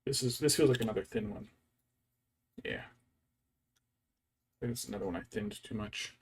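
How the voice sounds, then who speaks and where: Gravelly man muttering while painting. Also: on the low side, a little slow, slight background noise. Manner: relaxed, muttering to himself as he works. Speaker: miniature painting streamer. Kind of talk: casual chat while painting.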